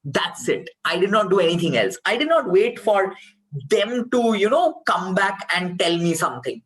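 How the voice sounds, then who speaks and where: A man's voice: sits high, big pitch swings, moderate pace, fairly bright tone, poor audio. A man with an Indian accent giving an online workshop on speechwriting, stressing points by repeating key phrases. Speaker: speech trainer.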